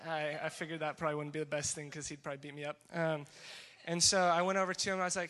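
Young man, bright voice, slightly high pitch, animated storytelling, testimony talk. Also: fast, hardly any pauses. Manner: animated storytelling with acted-out dialogue. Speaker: speaker sharing a mission trip story.

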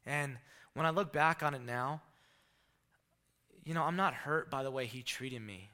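Male preacher, young adult, bright voice, lively storyteller who acts out quotes. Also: mid-range voice, a little slow. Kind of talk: sermon storytelling.

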